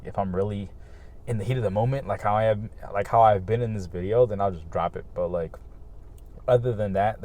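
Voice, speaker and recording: Candid young man rambling outdoors, mellow voice. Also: fairly low pitch. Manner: candid, swears freely, many fillers and repeats. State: hiccuping. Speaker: vlogger. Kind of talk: casual rambling monologue to camera. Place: outdoors, just outside his home.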